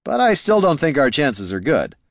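A man's voice: a little high, huge pitch swings, moderate pace, no room sound, pitched above the performer's own voice. A man voicing a skeptical bard who speaks in a dry, wry way.

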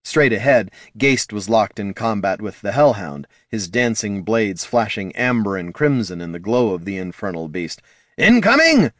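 A man narrating a fantasy audiobook in a measured storytelling manner. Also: fairly low pitch, no echo, studio quality. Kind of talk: scripted narration.

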